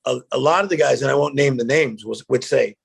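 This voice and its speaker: A middle-aged man, a guest speaker, telling animated personal stories in a chat and acting out the quotes. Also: mid-range voice, brisk, gravelly, slightly rough. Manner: animated storyteller, acts out quotes, emotional. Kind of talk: storytelling interview chat.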